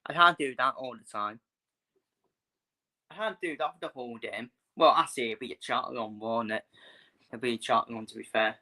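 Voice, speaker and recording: A man hosting a live football watchalong, talking in a loose, chatty way and repeating his points. He is blunt and swears freely. His voice sounds bright and forceful, with a tense edge. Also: mid-range voice, moderate pace, pauses often. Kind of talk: casual live football commentary.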